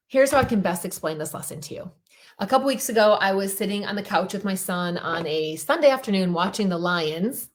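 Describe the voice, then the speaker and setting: A middle-aged woman coach giving an animated motivational talk on a group call, telling stories and repeating her points for emphasis. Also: medium pitch, brisk. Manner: animated storytelling, emphatic repetition.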